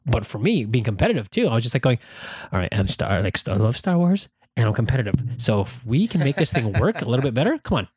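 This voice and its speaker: A man chatting casually as a podcast co-host, an animated storyteller who acts out what people said. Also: mid-range voice, fast talker, slightly rough, no echo, clean studio sound. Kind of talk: casual chat.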